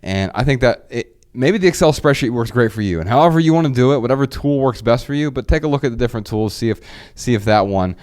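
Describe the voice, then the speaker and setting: A man's voice: medium pitch, expressive, quick pace, few pauses, a little mellow. A man in his thirties co-hosting a podcast, talking casually and eagerly with a lot of restarts. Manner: rambling, enthusiastic, frequent restarts. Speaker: podcast co-host. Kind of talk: casual chat.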